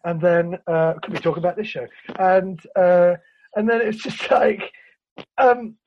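A man's voice: sits high, fairly even intonation, unhurried, a little hiss or hum. A man ranting in casual chat, laughing and swearing as he picks apart an old cartoon film. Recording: lo-fi recording.

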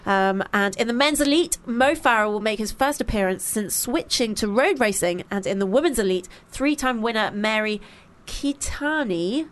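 A woman's voice: mid-range voice, normal speed, few pauses, fairly bright tone. A British woman co-hosting a radio show, chatty and self-mocking as she tells stories. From Britain. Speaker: radio co-host. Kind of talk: casual radio chat.

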